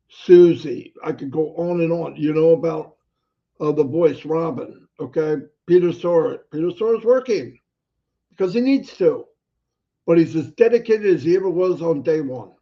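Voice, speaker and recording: A man speaking as a host, giving urgent and pleading advice with quick asides. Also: on the high side, gravelly, highs cut off. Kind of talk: motivational talk.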